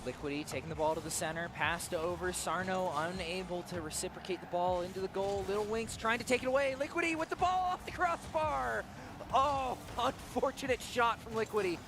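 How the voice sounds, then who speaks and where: A man doing play-by-play commentary on an esports match, excitable and quick to laugh. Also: background noise. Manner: excitable, laughs often, shifts between hype and low chat. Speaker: esports caster.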